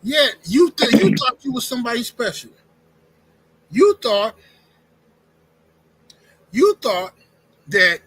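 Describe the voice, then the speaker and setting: A man hosting a live-streamed talk show, speaking in an animated, emphatic way, often restarting sentences. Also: extremely high pitch, slow, pauses often, slightly rough, low-quality recording. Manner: animated, emphatic, repeats words and restarts, says "bro" and "fam". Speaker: podcast host. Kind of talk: casual opinionated live-stream chat.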